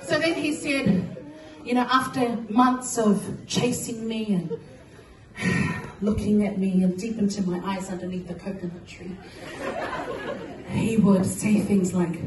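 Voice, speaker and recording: A woman's voice: mid-range voice, measured pace, pauses often, over a noisy crowd, heavy background noise. A woman doing stand-up comedy on stage, brash and teasing, talking straight to the audience. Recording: echoey live room, from far off. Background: audience and music.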